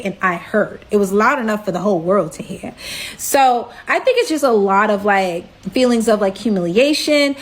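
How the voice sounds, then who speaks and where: A woman telling a personal story in a casual, slangy way, her voice jumping high in pitch for emphasis.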